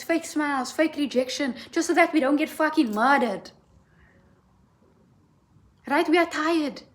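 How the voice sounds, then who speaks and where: A woman giving a tarot reading as a blunt, profane, impassioned rant, asking "right?" again and again. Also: high-pitched. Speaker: tarot reader.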